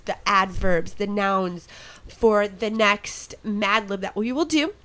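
A woman's voice: medium pitch, measured pace, fairly bright tone. A woman hosting a casual podcast, chatty and joking while she plugs the show. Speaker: podcast host.

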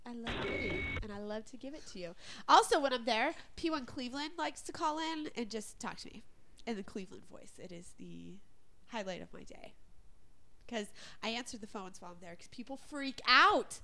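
A woman's voice: a little high, animated, moderate pace, sharp tone. A woman co-hosting a podcast in casual chat, playfully teasing her co-host and laughing often.

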